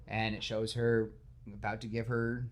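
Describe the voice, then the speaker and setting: Animated low-voiced male podcast host. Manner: animated, breaks into quick character voices; self-deprecating, admits nervousness. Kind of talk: casual podcast chat retelling a film.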